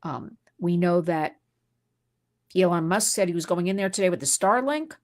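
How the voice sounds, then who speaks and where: A woman's voice: on the low side, animated, moderate pace. Indignant woman hosting a livestream. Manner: emphatic and indignant, reads viewer comments aloud. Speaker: livestream host. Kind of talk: unscripted livestream talk. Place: New York City.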